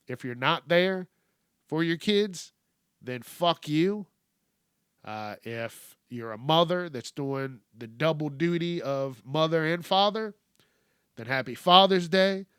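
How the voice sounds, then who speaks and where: Male solo host, blunt profane rant, unhurried delivery, dry close sound. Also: on the high side, fairly bright tone, clear, resonant tone, no room sound. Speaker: podcast host. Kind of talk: solo ranting monologue.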